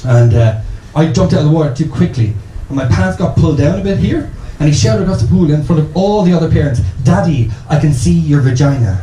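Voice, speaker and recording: A man's voice: a little high, animated, brisk, few pauses, dark tone, reverberant, a little hiss or hum, rough recording. An Irish man in his thirties doing a rambling, self-interrupting stand-up comedy set in a small bar venue. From Ireland.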